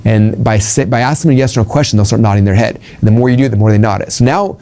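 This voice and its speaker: Fast rambling man with a mellow voice. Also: on the low side. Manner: rambling, frequent ums and restarts, acts out quoted dialogue. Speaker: sales trainer. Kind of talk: informal training talk.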